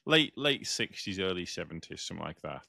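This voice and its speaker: A British man recounts an anecdote on a podcast, animated and swearing freely, his low voice swinging widely in pitch. The tone is bright and forceful, and the sound is dry and close. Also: a little fast, vocal fry, dry recording. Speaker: podcast co-host. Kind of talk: casual storytelling chat.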